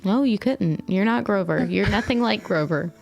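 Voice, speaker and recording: A woman's voice: mid-range voice, lively intonation, moderate pace, creaky, a little mellow. A woman co-hosting a stream, chatting casually in a playful, teasing way. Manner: playful, teasing, asks for clarification. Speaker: stream co-host. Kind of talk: casual chat.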